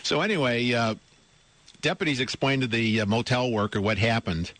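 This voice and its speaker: Amused middle-aged radio host, dry studio sound. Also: male voice, medium pitch, moderate pace, fairly bright tone, no room sound. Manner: amused and incredulous, breaks into laughter while reading; rhetorical questions to listeners, repeats words. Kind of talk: radio talk show, reading a news story with comment. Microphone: studio microphone.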